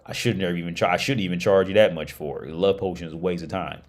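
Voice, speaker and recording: Man putting on a tired old male potion seller, dismissive, raised and louder than his usual low voice, weary. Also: quick pace, lightly acted.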